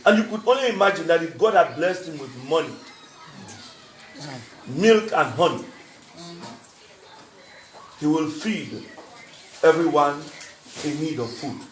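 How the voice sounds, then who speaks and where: A man speaking in gives an earnest public appeal, his voice sitting fairly high. He leans on repeated phrases for emphasis. The sound is echoey, as if picked up by a distant mic in a hall. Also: lively intonation, measured pace, long pauses. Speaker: speaker at a book launch. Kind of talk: public speech.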